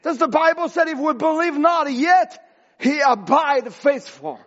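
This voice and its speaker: A man preaching a sermon as pastor, impassioned and rising to shouts, with broken grammar. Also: very high voice, expressive, a little slow, muffled recording.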